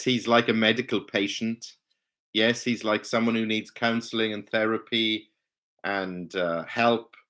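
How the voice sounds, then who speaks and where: A man preaches a Bible study sermon, teaching slowly and with emphasis, his pitch swinging widely on key words. His voice is a bit bright.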